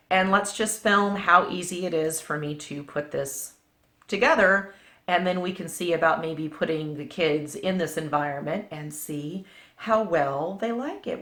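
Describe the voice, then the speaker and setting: A woman's voice: on the low side, pushed and bright. A woman chatting jokily to the camera as a vlogger, at home in her family room. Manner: chatty, jokey, talks to the camera and her cats. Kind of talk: casual chat. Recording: echoey room, faint noise.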